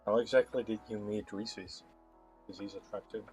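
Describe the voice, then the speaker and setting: A male podcast host asking a guest relaxed, direct questions. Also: fairly low pitch, moderate pace, husky, faint music behind. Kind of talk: interview questions.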